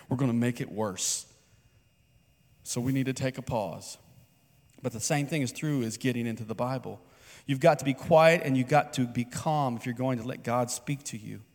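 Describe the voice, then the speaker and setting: A male pastor delivering a sermon in a mid-pitched voice, talking to the congregation as if in conversation and asking them questions. His voice rings out with the long reverb of a big church hall. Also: a little mellow. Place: church sanctuary.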